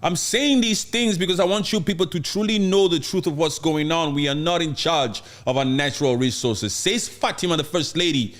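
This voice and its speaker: Animated male podcast host. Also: fairly high pitch, moderate pace, hardly any pauses. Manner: animated, acts out mock scenes with playful voices. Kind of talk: casual podcast chat.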